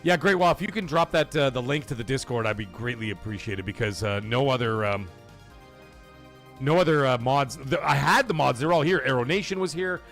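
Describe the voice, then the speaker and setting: A man hosting a gaming livestream, loud and excitable, cursing and reading super chats to his viewers. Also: medium pitch, fairly quick. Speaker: livestream host. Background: soundboard music and crowd cheers.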